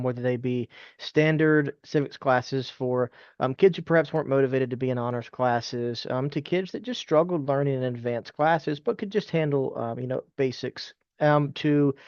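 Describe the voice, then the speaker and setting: A man's voice: mid-range voice, no room sound. A man who teaches civics, co-hosting a podcast and explaining points in an earnest, teacherly way. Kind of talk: casual discussion. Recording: slightly dull lo-fi audio.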